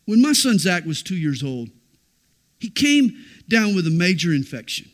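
A middle-aged man preaching a sermon, moving from loud declarations to hushed, intimate storytelling. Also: high voice, big pitch swings, moderate pace. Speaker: pastor.

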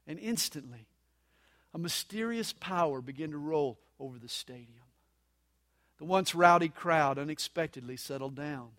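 A man preaching a sermon at a live church service, dramatic, moving between loud emphasis and soft, hushed lines. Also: a little high, moderate pace. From United States. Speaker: pastor.

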